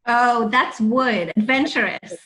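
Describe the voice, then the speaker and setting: Woman in her forties, video-call interview guest, frank storyteller, fairly high voice. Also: takes it slowly, sharp tone, rough recording. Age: 40s. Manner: candid storytelling, swears and laughs freely. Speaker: guest, founder of a wellness center.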